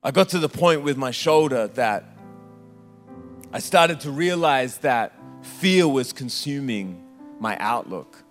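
A man preaching a sermon in a church, with impassioned, sometimes sung, drawn-out phrases. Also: mid-range voice, expressive. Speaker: pastor. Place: church hall. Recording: live church hall with reverb and soft instrumental music. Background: soft instrumental music.

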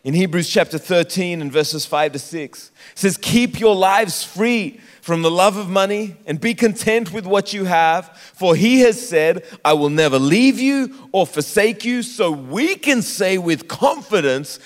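High-voiced preaching man in echoing hall. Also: expressive. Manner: impassioned preaching with sung, drawn-out phrases. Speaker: pastor. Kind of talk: sermon. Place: church hall. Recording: live church hall with reverb and soft instrumental music. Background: soft instrumental music.

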